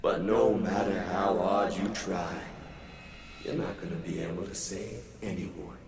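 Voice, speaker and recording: A man's voice: low-pitched, steady tone, a little slow, a crowd in the background. A man voicing a jeering male monster, mocking and scornful. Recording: echoey hall with music.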